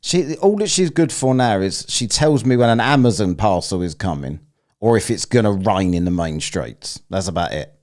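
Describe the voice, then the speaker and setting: A man hosting a live stream, tossing out crude, jokey questions in loose casual chat. His voice sits low but swings widely in pitch as he talks. The talk is full of swearing and cheeky teasing. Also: lively intonation, moderate pace, darkish tone.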